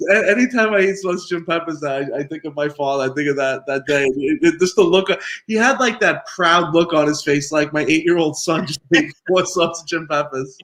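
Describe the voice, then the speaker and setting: A man from New York, a guest pizzaiolo, telling stories in a relaxed interview and laughing often. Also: on the high side, normal speed. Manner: animated storyteller, laughs often. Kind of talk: casual interview chat.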